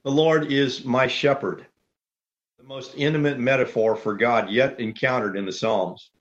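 A man preaching a sermon as pastor, measured and orderly, laying out numbered points. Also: medium pitch, steady tone, lo-fi sound.

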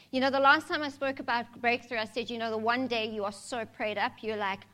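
A woman's voice: on the high side, sharp tone. A woman preaching a sermon in a candid, conversational way, mixing humor with scripture.

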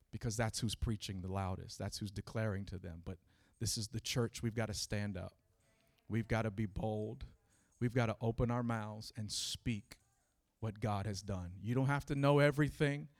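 A man with a low, gravelly voice preaches to his congregation. He speaks haltingly with plenty of ums and restarts, then swells into fervent, loud preaching. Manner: halting, many fillers, rising to fervent preaching. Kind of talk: sermon.

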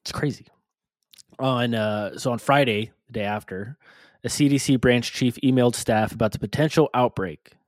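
Male podcast co-host, mid pitch, reads news with offhand stumbles; dry close mic. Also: normal speed, no room sound. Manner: reads news items aloud with stumbles and asides. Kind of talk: casual podcast chat.

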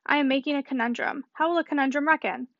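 A woman reading a jovial older gentleman. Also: sits high, steady tone, fast talker, no echo. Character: cheerful hearty older gentleman. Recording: dull dry audiobook recording.

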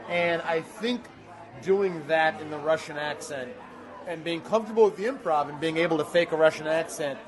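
A man's voice: on the high side, moderate pace, a crowd in the background. A man in his thirties, a guest actor telling rambling, self-deprecating stories in a casual interview.

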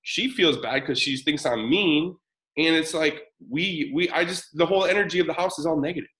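A man's voice: a little high, brisk, poor audio. Casual man hosting a parenting webinar. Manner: casual, energetic, reads out chat comments. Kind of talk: live webinar talk to a chat audience.

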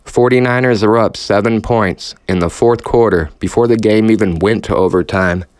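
A podcast host goes on a profane, sarcastic rant, swearing heavily and sounding audibly frustrated. His fairly low, slightly mellow voice moves at normal speed, recorded cleanly in a studio with no room sound.

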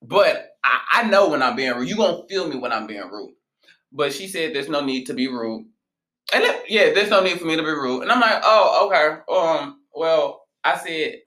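A male podcast host speaks in a bright, slightly raised voice, bluntly and with plenty of cursing. His storytelling is animated and direct. The room rings with a noticeable echo. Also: on the high side, a little fast. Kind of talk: casual podcast monologue.

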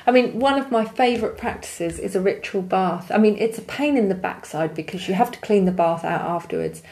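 A woman's voice: medium pitch, animated, a little fast. Podcast co-host, woman, casual and encouraging listener. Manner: encouraging listener, soft affirmations. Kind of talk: casual chat.

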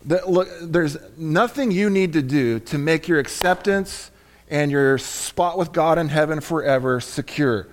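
Male pastor, fairly high voice, emphatic sermon delivery with repeated phrases and offhand asides. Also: a little slow.

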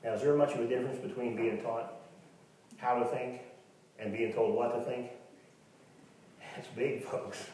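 A man's voice: medium pitch, steady tone, moderate pace, long pauses, a little mellow, slight background noise. A male pastor giving a sermon in a folksy, conversational way, telling stories and speaking directly to his congregation. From Kansas, USA. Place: church sanctuary. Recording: very echoey church hall, mic at a distance.

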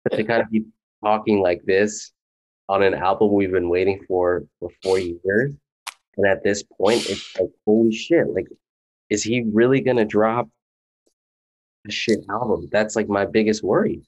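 A man's voice: fairly low pitch, fairly even intonation, measured pace, low-quality recording. A man co-hosting a casual podcast, talking earnestly and rambling with lots of fillers. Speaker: podcast co-host. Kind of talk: casual chat.

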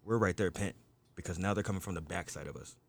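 A man's voice: deep voice, quick pace, vocal fry. A man in casual group chat, telling a rambling, profane story packed with "you know" and "like". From United States.

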